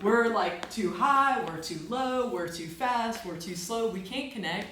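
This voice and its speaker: A woman instructor guides a group through laughter exercises, her voice rising and falling with animated energy. She talks in an unhurried, encouraging way and laughs often. The sound is roomy with clear background noise. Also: on the high side. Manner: upbeat, encouraging, frequent laughter. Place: large room with a group. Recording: echoey room with background noise.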